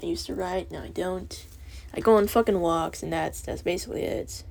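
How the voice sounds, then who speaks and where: Teenage girl, breathy and low-key, rambling and self-deprecating as she talks. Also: normal speed, a little mellow. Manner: rambling and self-deprecating, with heavy filler words and swearing. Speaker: student vlogger. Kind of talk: rambling monologue.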